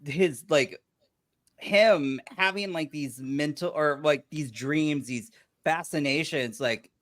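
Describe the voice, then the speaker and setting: A woman's voice: deep voice, takes it slowly. A woman chatting as a podcast guest, reacting expressively and restarting her sentences as she thinks. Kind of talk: casual chat.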